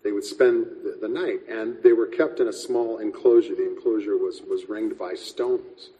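A man preaching a sermon as pastor, measured and reflective, often restarting words as he speaks. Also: lowish voice, warm tone, big-room sound, rough recording.

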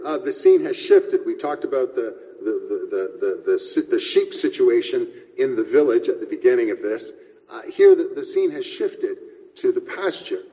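A man preaching a sermon as pastor, measured and reflective, often restarting words as he speaks. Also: medium pitch, warm tone, big-room sound, low-quality recording.

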